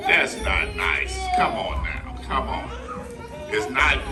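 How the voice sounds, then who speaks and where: Coaxing ventriloquist man, lively pitch. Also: unhurried, far from the mic. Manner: coaxing, playful talk to children and puppet. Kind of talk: children's ventriloquist show. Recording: echoey room with loud noise.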